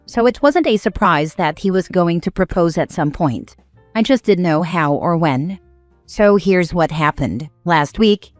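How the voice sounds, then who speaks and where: Low-voiced woman narrating online stories. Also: no echo. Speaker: narrator reading online posts. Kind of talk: storytime narration. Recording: dry close voice over faint music. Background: faint background music.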